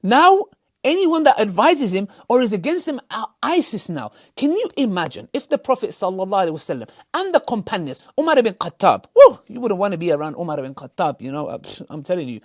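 Male reactor; husky, lively delivery, dry close sound, emphatic and scolding. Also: high-pitched, fairly quick, dry recording. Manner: emphatic, scolding, mocking, with sarcastic put-on quotes. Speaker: reaction commentator. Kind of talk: heated reaction commentary.

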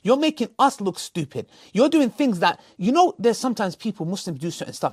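Husky, fired-up man ranting. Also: high voice, lively intonation, fairly quick, hardly any pauses, a little mellow, no room sound, clean studio sound. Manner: emphatic, scolding, mocking, with sarcastic put-on quotes. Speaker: reaction commentator. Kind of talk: heated reaction commentary.

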